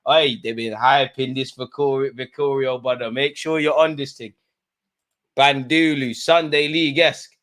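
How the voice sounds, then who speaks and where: Man, football watch-along host, slangy casual chat, sudden shouting. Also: mid-range voice, steady tone, normal speed. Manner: London slang, bursts into shouting at chances and goals. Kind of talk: live match watch-along commentary.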